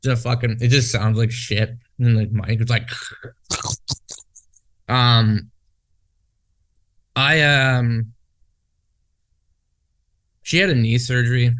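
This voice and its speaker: A man's voice: medium pitch, fairly even intonation, slow pace, pauses often, fairly bright tone. Profane, rambling man. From Western Canada. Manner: profane, rambling, goes off on tangents. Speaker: podcast co-host. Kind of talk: casual podcast chat.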